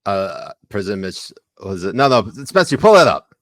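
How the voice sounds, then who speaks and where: A man's voice: fairly low pitch, very animated, normal speed, fairly bright tone, no echo, studio quality. A man co-hosting a casual podcast, joking and laughing as he reads items aloud. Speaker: podcast co-host. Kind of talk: casual chat.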